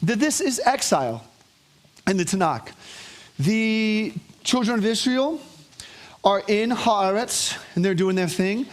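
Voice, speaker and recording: A man's voice: high voice, takes it slowly, pauses often. A man preaching to his congregation, telling stories with animation and calling for responses from the room. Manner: animated storytelling with call-and-response. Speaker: pastor. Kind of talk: sermon.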